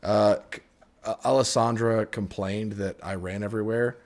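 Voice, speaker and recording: A man with a somewhat low voice talks casually through a game stream. He jokes a lot, reads game text aloud and drops quick asides to his co-host. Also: steady tone, a little mellow. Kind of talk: casual gaming chat.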